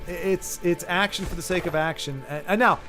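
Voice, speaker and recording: A man hosting a casual livestream chat, ranting in an animated way and often cutting himself off mid-sentence. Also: high voice, fairly quick, soft background music. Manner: animated, ranting, self-interrupting. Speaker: streamer host.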